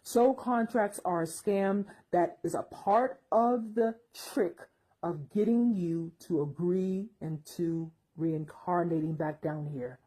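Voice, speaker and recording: Woman, husky, mellow tone, emphatic, repetitive, monologue. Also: on the low side, slow pace, poor audio. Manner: emphatic and repetitive, forceful dismissals. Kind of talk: opinionated spoken monologue.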